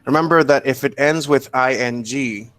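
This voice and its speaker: Male English teacher, online lecture over a computer mic, patient, explanatory, mid-pitched. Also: normal speed, fairly bright tone. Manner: patient, explanatory, keeps checking with "okay?". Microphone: computer mic on a video call.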